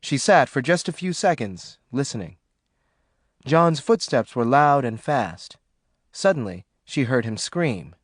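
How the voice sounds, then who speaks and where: A man giving steady, dramatic audiobook narration. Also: mid-range voice, unhurried, dry recording, studio quality.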